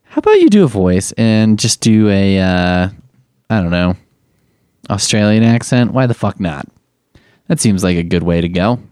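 Sarcastic guy ripping on podcasts, kinda low voice, dry mic. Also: big pitch swings, normal speed, a little mellow, smooth, no echo. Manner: sarcastic, swearing, mocking. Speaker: podcast host reviewing other podcasts. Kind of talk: casual commentary.

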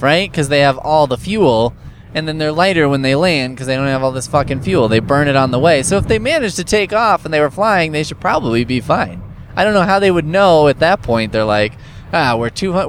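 A man's voice: on the high side, animated, a little fast, slight background noise. A man casually recapping a story, sarcastic and profane, with lots of fillers.

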